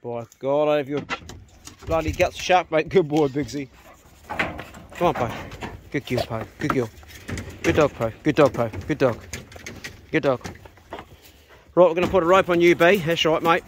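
New farm guy, slightly high voice. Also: normal speed, long pauses, a little hiss or hum. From New Zealand. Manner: talks to his dogs and ducks in a coaxing, commanding way. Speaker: vlogger. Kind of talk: casual outdoor vlog.

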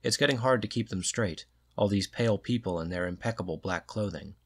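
A man reading a short story aloud in a measured, steady way. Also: lowish voice, breathy edge. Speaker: narrator.

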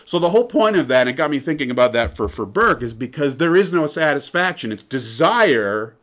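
A man's voice: a little high, animated, a little fast, fairly bright tone. A man giving an informal lecture in a chatty, digressive way, often checking in with "right?".

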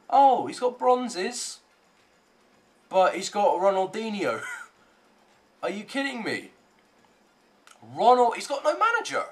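A young man giving gameplay commentary, muttering low when calm and swearing loudly in bursts of rage at the lag. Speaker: gaming YouTuber.

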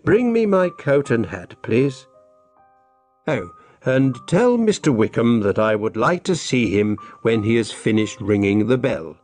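A village priest in a storybook, earnest and slightly raised in pitch when troubled, as a man narrator voices him. He speaks in a measured, concerned way with a lively rise and fall. Soft music plays underneath. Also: lightly acted. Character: older male village priest, earnest and brisk.

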